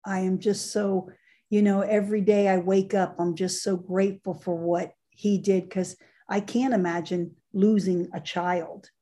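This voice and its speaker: Mellow-voiced middle-aged woman host. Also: medium pitch, little pitch movement, measured pace. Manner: affirming, gentle, reflective. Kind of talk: faith interview chat.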